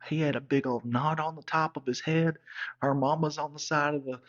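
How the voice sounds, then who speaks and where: A man's voice: a little high, steady tone, moderate pace, a bit bright. A man telling a rowdy, profane comic story in a rambling backwoods way, as a regular storyteller. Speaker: comedic storyteller. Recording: dull lo-fi recording.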